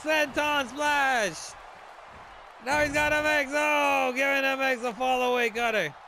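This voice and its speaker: A man giving excited play-by-play commentary on a wrestling video game match, shouting at the big moves. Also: very high-pitched, measured pace, gravelly, a little hiss or hum, poor audio.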